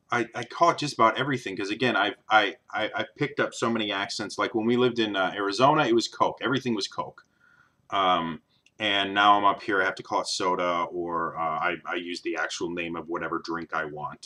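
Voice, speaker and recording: Young american guy vlogging, neutral general american accent, bright kinda lowish voice, lots of ums. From American Midwest. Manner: rambling, many ums and restarts. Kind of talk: casual talk to camera.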